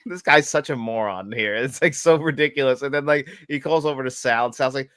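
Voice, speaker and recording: A man's voice: medium pitch, a little fast, a bit bright, no room sound, clean studio sound. A man from Long Island with a New York accent, co-hosting a casual film podcast, laughing often and talking with lots of "like". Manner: laughs often, filler-heavy "like" talk. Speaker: podcast co-host.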